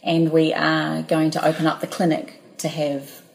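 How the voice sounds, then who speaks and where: Low-voiced earnest woman co-host. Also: completely flat delivery, moderate pace, gravelly, poor audio. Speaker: podcast co-host. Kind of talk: casual podcast chat.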